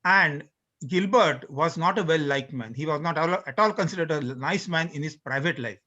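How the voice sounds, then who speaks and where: A man delivers an introductory lecture that includes recited lyrics, explaining things step by step and pausing and restarting between points. His voice is fairly high, pushed, and bright. The lo-fi recording sounds dull.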